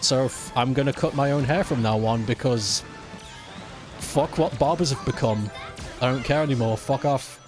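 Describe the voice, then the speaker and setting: A man's voice: medium pitch, normal speed, over music. A man ranting casually and with exasperation while he plays a racing game on stream, swearing often. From United Kingdom.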